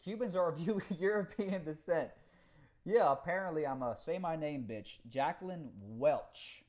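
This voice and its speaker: A man chatting on a live stream, reading out comments and talking in an animated, profane way with frequent laughs. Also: fairly high pitch, normal speed. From Cuba.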